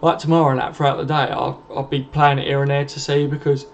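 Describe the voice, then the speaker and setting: A man's voice: medium pitch, level tone, fast, gravelly. A young man hosting a late-night live stream from home, casually reading out and answering viewer comments and swearing freely. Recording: dull lo-fi stream audio with faint noise.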